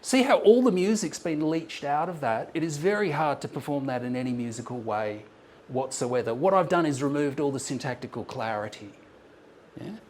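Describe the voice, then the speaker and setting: A man with a slightly high, somewhat mellow voice and lively intonation speaks at normal speed while presenting an academic paper. The setting is a lecture room with slides on a screen, and he's thoughtful yet full of ums and restarts, against a little hiss or hum.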